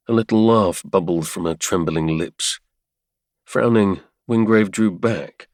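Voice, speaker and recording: A man narrating a romance audiobook in a measured, dramatic way. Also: deep voice, darkish tone, no echo, clean studio sound.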